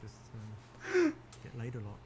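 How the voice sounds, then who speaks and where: A man's voice: medium pitch, huge pitch swings, moderate pace, darkish tone. An actor with a London accent playing a cocky, flirtatious British man chatting up a woman, boastful and chatty with frequent ums. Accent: London English. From England. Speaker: date in a dating video game.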